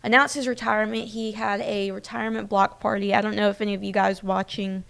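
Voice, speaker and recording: A young woman hosts a casual streamed newscast, chatting to viewers at an everyday pitch. Her voice is smooth and clear but slips into a gravelly fry. She talks in a personal, loose way, full of fillers. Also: level tone, fast, fairly bright tone. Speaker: news host. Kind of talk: casual live-stream news chat.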